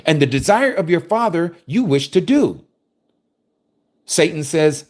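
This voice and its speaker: A man preaching a sermon, reading scripture aloud and explaining it with forceful rhetorical questions. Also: fairly high pitch, expressive, a little slow, long pauses.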